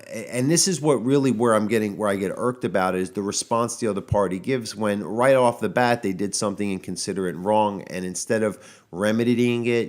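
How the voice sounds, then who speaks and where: Ranting low-voiced male dog trainer. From United States. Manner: animated, exasperated ranting with fillers and restarts. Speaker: podcast host, dog trainer. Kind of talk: casual solo podcast monologue. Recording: audio-only podcast.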